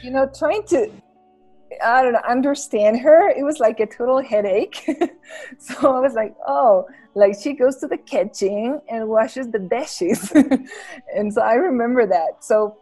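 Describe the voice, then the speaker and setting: A woman's voice: a little high, normal speed, darkish tone, soft background music. A woman, a podcast guest in casual chat who laughs often and talks in loose, restarting phrases. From Bolivia. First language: Spanish. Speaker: podcast guest, English school founder.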